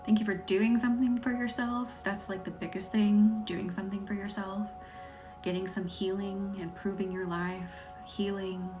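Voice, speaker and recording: Woman, light Southern accent, soft near-whisper, chatty live-stream host, faint background music. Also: medium pitch, steady tone, normal speed. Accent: light Southern American. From American South. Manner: soft, often drops to a whisper; chatty, laughs easily, thanks viewers by name. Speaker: Reiki practitioner hosting a live stream. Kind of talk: live-stream chat with viewers during a Reiki session. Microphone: phone or webcam on a live stream.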